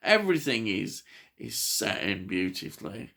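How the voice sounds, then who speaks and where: Low, creaky male reviewer, unhurried and halting, eager about the film. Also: sing-song, sharp tone. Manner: hesitant, many fillers and restarts; enthusiastic. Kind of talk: casual film review chat.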